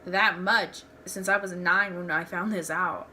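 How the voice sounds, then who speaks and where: A woman's voice: on the low side, steady tone, measured pace, sharp tone, a little hiss or hum. A young woman tells personal stories in a candid, rambling home vlog, restarting her sentences often. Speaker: vlogger. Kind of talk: casual storytelling vlog.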